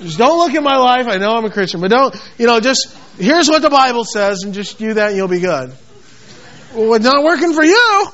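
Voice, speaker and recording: A male preacher delivers a fervent sermon in a strikingly high voice. He repeats words for emphasis and slips into acted voices for scripture. The recording sounds dull and lo-fi. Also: big pitch swings, brisk, fairly bright tone. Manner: passionate, repetitive, quotes scripture in acted voices.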